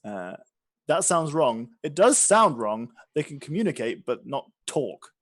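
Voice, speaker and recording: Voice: medium pitch, very animated, a little slow. A game master chatting casually at a tabletop game, joking, teasing and laughing often.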